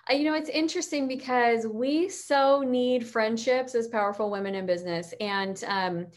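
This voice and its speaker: A woman hosting a podcast in casual chat, rambling with quick asides. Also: a little high. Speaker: podcast host.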